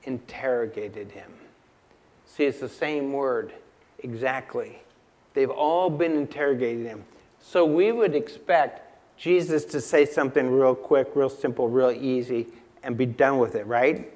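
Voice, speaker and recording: A man preaching a sermon in a church, emphatic and unhurried, asking the congregation rhetorical questions and repeating key lines. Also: medium pitch, darkish tone. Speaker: pastor.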